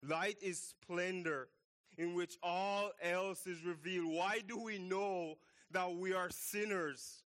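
A man preaching a sermon, slow and emphatic, repeating key phrases for weight. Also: high-pitched, steady tone, a bit bright.

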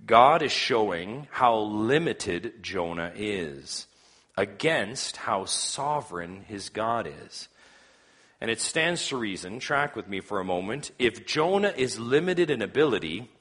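A male pastor delivering a sermon in a bright, forward voice that sits a little low. He reads scripture aloud and builds to earnest emphasis on key points, coughing now and then. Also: husky.

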